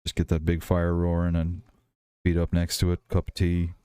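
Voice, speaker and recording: A man with a softened Irish accent, chatting casually and rambling as a livestream host. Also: sits low, moderate pace, clean tone, no room sound, studio quality. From Ireland. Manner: rambling, relaxed, many fillers and restarts. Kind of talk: casual chat while building and reading chat.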